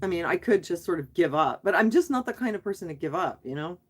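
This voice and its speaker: A woman's voice: lowish voice, expressive, fast talker. A middle-aged woman talking on a live stream, venting her frustration in a rambling way, with restarts and trailing sentences. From Canada. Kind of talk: casual live stream chat.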